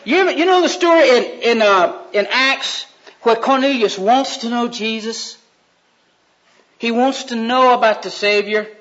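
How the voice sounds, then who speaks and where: Using an extremely high-pitched, somewhat bright voice at an unhurried pace, a man preaches a folksy, joking sermon, acting out voices as he retells stories. The recording sounds dull and lo-fi.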